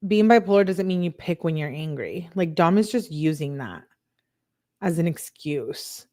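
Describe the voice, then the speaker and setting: A woman's voice: low voice, expressive, normal speed, mellow. A woman hosting true crime commentary, reading text messages aloud and reacting with exasperated asides. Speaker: host.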